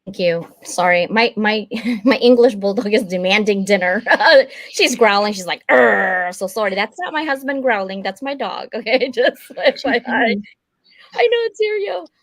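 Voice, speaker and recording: A woman's voice: mid-range voice, normal speed, few pauses, no room sound. A woman hosting a casual livestream chat for her authors, chatty and businesslike, laughing often. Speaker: publisher and host.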